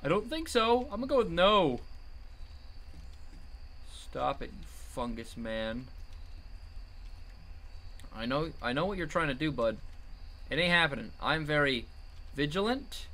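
A young man giving jumpy commentary while playing a horror game, yelling at the monster chasing him. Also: on the high side, sing-song, a little slow, long pauses. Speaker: gamer.

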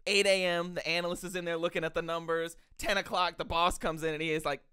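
Guy on a podcast laying things out steady, kinda higher voice, crisp and bright. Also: quick pace, dry recording, studio quality. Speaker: podcast co-host. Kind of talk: casual chat.

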